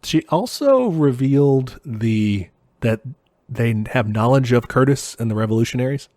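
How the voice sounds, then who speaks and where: A man's voice: medium pitch, normal speed, dry recording, clean studio sound. A man co-hosting a podcast, casually recapping a film's plot with lots of "uh" and "you know". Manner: relaxed plot recapping with many fillers. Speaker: podcast co-host. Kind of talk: casual film discussion.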